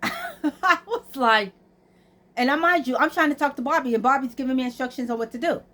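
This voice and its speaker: A woman's voice: high voice, fast talker, fairly bright tone. A woman, casually telling a story to her vlog audience and acting out both sides of the conversations. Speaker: vlogger.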